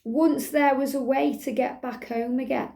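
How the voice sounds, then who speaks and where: Lady doing a tarot reading, soft and soothing, high but mellow voice. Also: fairly even intonation, normal speed, gravelly. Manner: soft, soothing, half-sings lyrics. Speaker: tarot reader. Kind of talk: spiritual tarot reading monologue.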